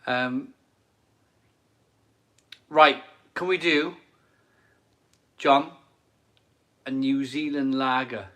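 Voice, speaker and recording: Slow-talking man chatting at home. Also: mid-range voice, fairly even intonation, fairly bright tone. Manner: enthusiastic and rambling, repeats phrases. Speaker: live stream beer reviewer reading viewer comments. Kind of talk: casual live stream chat. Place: home kitchen.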